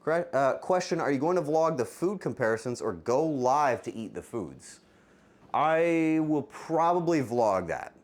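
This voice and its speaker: A man's voice: medium pitch, sing-song, unhurried. A man hosting a live cooking stream, chatting with viewers in a playful, teasing way. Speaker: streamer, cooking show host.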